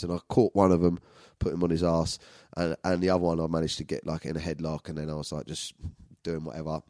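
A man's voice: sits low, level tone, fast, a little mellow, no echo. A man with a London accent telling rambling, profane stories to his viewers in a casual way. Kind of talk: casual storytelling monologue.

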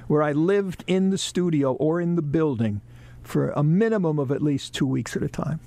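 A man telling lively stories about his broadcasting career in a casual interview, acting out the people he quotes. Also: a little high, normal speed, no room sound. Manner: animated storyteller, acts out quoted bosses. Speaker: broadcaster guest.

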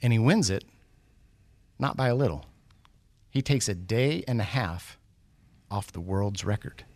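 A middle-aged man, a guest speaker, telling a motivational story in an animated way, building suspense with questions to his listeners. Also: on the low side, a little slow, no room sound.

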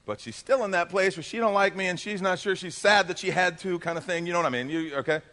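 A middle-aged male pastor preaching a sermon, swinging between emphatic loud lines and soft low asides. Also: quick pace.

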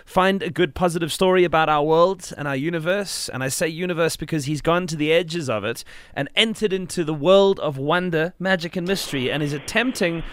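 Upbeat, teasing radio host, high voice. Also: male voice, brisk, a bit bright, no room sound. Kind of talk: lively radio banter.

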